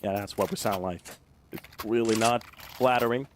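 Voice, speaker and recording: A man commentating a live esports match, calling plays with excitement and chatting loosely between rounds. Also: fairly low pitch, moderate pace, background noise. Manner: excited play calls, then loose chatty asides. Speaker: esports caster.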